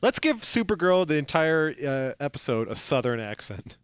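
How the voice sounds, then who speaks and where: A man's voice: on the high side, big pitch swings, moderate pace, smooth, dry recording. A young adult man co-hosting a casual podcast, riffing with goofy jokes and lots of fillers. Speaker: podcast co-host. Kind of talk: casual chat.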